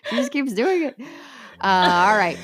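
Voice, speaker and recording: A woman's voice: mid-range voice, very animated, measured pace, a bit bright, faint music behind. A woman co-hosting a casual podcast chat, talkative and laughing easily. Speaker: podcast co-host.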